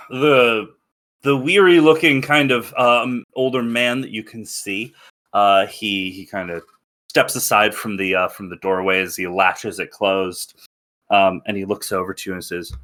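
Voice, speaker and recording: A man's voice: lowish voice, fairly even intonation, a little slow, a bit bright. A man narrating as game master, describing scenes in a rambling way with many restarts. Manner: rambling, full of fillers and restarts while describing.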